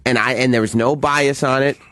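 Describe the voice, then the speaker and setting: A man of middle pitch co-hosts a radio show in casual banter, teasing his partner and laughing a lot. He sets up the jokes and tells stories with relaxed timing. The sound is close and dry. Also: brisk, no echo. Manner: teasing, laughs often, feeds setups.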